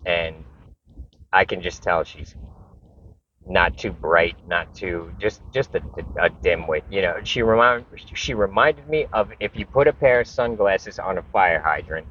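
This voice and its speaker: A man with a low voice tells a story straight to camera in a loose, rambling way, swearing freely and restarting his sentences. The recording sounds dull and lo-fi. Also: a little slow, a bit bright, a little hiss or hum. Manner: rambling, profane, repeats and restarts. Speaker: vlogger.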